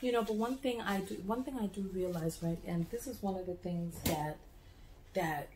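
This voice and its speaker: An American woman talking to camera in a casual travel vlog, an animated storyteller who restarts and repeats words as she goes. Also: fairly low pitch, normal speed, echoey room, slight background noise. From United States. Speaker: travel vlogger.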